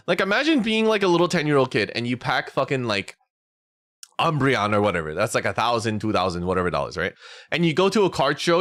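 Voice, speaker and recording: A young man chats on his stream in a loose, heated rant, swearing freely and slipping into little voices for the people he quotes. His pitch swings widely as he talks. The sound is dry and close, with no room in it. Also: no room sound. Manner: animated ranting, swearing, acting out quotes. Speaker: VTuber streamer. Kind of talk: casual chat stream.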